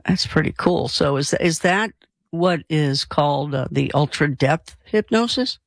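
A man's voice: fairly high pitch, a little slow, vocal fry, no echo, studio quality. A man interviewing a hypnotist, asking friendly, rambling questions.

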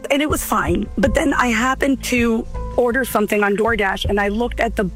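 A woman's voice: fairly high pitch, moderate pace, soft background music, rough recording. A woman telling a personal story on a radio show in an earnest, suspicious way.

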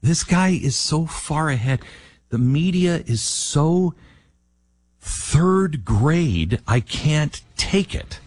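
A man's voice: a little high, very slow, breathy edge, no echo, studio quality. A man hosting a talk radio show, giving emphatic commentary and reading ads live. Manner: animated, emphatic, drops into quoted voices.

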